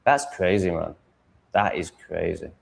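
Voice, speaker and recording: A man's voice: low voice, unhurried, vocal fry. Crude, mocking man streaming live. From Sheffield, England. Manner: crude, mocking, swears freely. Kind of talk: rambling live-stream chat.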